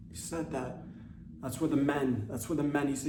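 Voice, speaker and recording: Man, podcast comic, loose rambling monologue with quick voices, in an echoey room. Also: fairly high pitch, a little hiss or hum. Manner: rambling, irreverent, does quick voices for quotes. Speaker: comedy podcast host. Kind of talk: comedic monologue.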